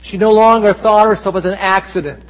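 A man's voice: high voice, fairly even intonation, fast talker. A male pastor delivering a Sunday sermon in a church, telling stories earnestly with dramatic voiced quotes. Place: church sanctuary. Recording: long church reverb.

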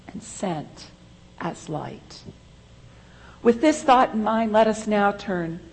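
A woman pastor delivering a sermon in a church, slow and deliberate, with emphatic rises. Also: medium pitch, vocal fry, darkish tone, slight background noise, rough recording.

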